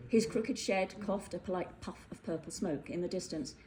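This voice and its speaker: A woman's voice: fairly low pitch, normal speed. Lady reading a silly fairytale, bouncy and playful, faint hiss behind. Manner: playful, animated, with voiced characters. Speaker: storyteller. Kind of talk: storybook narration.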